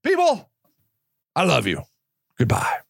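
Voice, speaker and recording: A man hosting his own podcast, ranting passionately and shouting rhetorical questions. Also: sits high, lively intonation, a little slow, no echo, studio quality. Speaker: podcast host and activist. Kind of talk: impassioned monologue.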